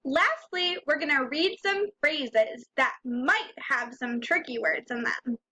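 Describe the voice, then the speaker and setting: A woman leads a reading lesson for young children in a high, bright voice. She speaks slowly and patiently, breaking words into single sounds and having the class repeat after her. Her tone stays encouraging throughout. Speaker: teacher.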